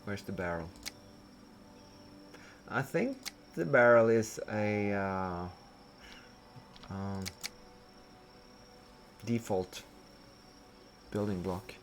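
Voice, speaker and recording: Low-voiced man thinking aloud while playing. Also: extremely slow, long pauses, slight background noise. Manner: rambling, self-questioning, thinking aloud. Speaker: gameplay streamer. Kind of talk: casual gameplay commentary.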